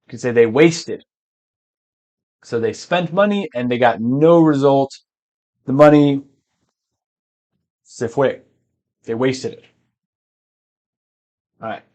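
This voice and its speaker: A man teaching English verbs patiently, often switching to Spanish to explain and clearing his throat now and then. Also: medium pitch, darkish tone. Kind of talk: language lesson.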